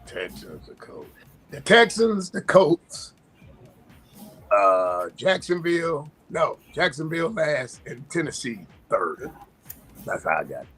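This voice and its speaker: A man co-hosts a sports talk show in casual, argumentative chat, pausing to think aloud as he makes his points. His fairly high, fairly bright voice swings hugely in pitch, with soft music in the background.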